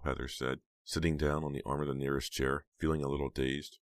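A man narrating a horror audiobook in a measured, steady reading. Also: extremely low pitch, dry recording.

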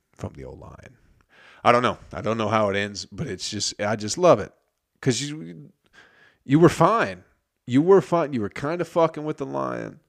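A man's voice: on the low side, gravelly. A man telling a story in a casual comedic monologue, profane and rambling, often interrupting himself.

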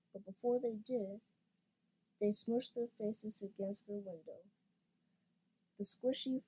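A woman reading a children's storybook aloud in an expressive, playful way. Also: medium pitch, slightly rough, low-quality recording.

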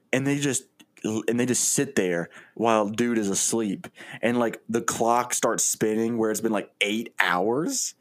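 A man's voice: lowish voice, a little slow, a bit bright. A young man co-hosting a podcast, chatting casually, laughing often and acting out characters. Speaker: podcast co-host. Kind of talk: casual brainstorming chat.

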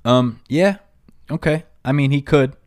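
A man's voice: mid-range voice, measured pace. Rambling young New York podcast man. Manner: rambling and filler-heavy, breaking into loud excited outbursts. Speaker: podcast host. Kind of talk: casual chat.

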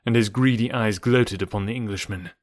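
Low-voiced male audiobook narrator. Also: brisk, no echo.

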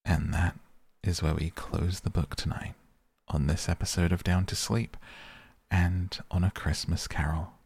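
A man's voice: low-pitched, flat delivery, vocal fry, breathy edge, dry recording. A man narrating a classic novel as a soothing bedtime sleep story. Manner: soft, slow, soothing. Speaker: podcast reader.

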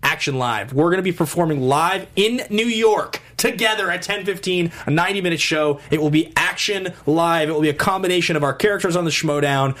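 A man's voice: on the high side, brisk, few pauses, fairly bright tone. A man co-hosting a casual studio podcast, talking in an upbeat, promotional way. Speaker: co-host.

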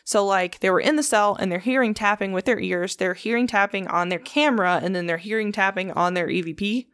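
A young woman telling ghost stories in a relaxed, chatty podcast manner. Her pitch sits in an ordinary middle range. Her speech is loose and full of swearing and filler words. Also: a little fast, clear, resonant tone, no room sound, studio quality. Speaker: podcast host. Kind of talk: casual storytelling chat.

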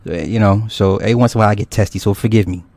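A man's voice: on the low side, steady tone, rapid-fire, a little mellow, no room sound. A man hosting a casual livestream, rambling and swearing loosely with frequent laughs as he reads viewer comments. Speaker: YouTube host.

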